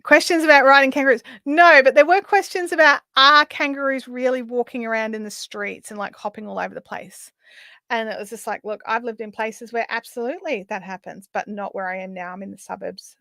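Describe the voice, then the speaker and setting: Middle-aged Australian woman, craft-stream host, fairly high voice, rambling and chatty, close dry sound. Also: fairly even intonation, brisk, no room sound. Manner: chatty storytelling, often trailing off into quiet asides. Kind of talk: casual chat while crafting.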